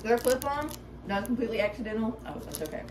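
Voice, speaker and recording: A woman's voice: a little high, quick pace, noisy background. A young woman in casual chat with a friend, rambling as she tells a story. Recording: roomy, from a distance.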